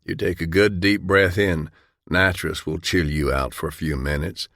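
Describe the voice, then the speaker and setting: A man's voice: sits low, fairly even intonation, moderate pace, fairly bright tone, dry recording, studio quality. A man voicing a jovial small-town male dentist who talks in a cheerful, matter-of-fact way.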